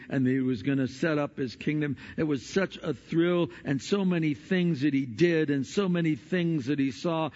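A man's voice: fairly high pitch, voice pushed down, close to an everyday voice. Dejected male disciples mutter in resigned, mopey tones, voiced by a preacher. The sound is dull and echoes through a large hall. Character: glum male disciples walking home, dejected.

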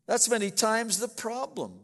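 Slow, earnest preacher man in a hall. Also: high-pitched, big pitch swings, fairly bright tone. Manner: earnest, addresses congregation directly. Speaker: pastor. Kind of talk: sermon. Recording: echoey church hall.

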